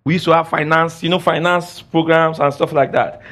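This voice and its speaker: A man's voice: a little high, quick pace, few pauses, a bit bright. A man preaching a sermon, emphatic and scolding, repeating phrases for effect. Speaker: pastor. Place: church.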